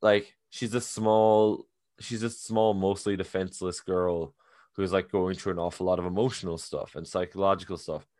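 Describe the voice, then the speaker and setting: A man's voice: low voice, steady tone, moderate pace, darkish tone. A young man co-hosting a casual movie review chat, joking and swearing freely. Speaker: podcast co-host.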